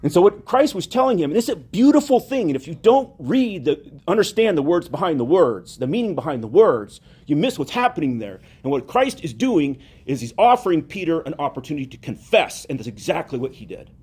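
Animated husky-voiced male preacher. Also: a little high, a little fast, few pauses. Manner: animated storytelling, acts out quoted dialogue. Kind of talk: homily.

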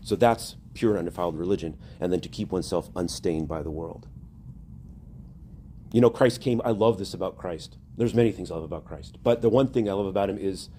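A man's voice: sits low, a little fast, warm tone, a little hiss or hum. A male priest preaching a sermon, earnest and rising to emphatic exhortation.

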